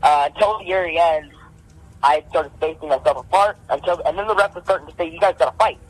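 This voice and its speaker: A young man with a slightly high voice recounts a fight in casual podcast talk. He tells it with animated energy, punching out "boom" after "boom" to act out his combinations. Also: fairly quick, no room sound, poor audio. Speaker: amateur boxer telling his story.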